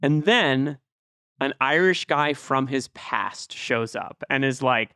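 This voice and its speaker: Bright, crisp-voiced man arguing his take. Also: medium pitch, slow, no room sound, studio quality. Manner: animated, argumentative, builds a theory. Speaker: podcast co-host. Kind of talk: casual film discussion.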